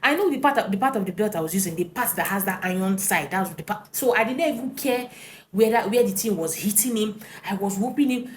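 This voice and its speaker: Animated woman telling a story. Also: medium pitch, fast talker, a little hiss or hum. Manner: animated, tag questions and fillers. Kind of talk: personal story to camera.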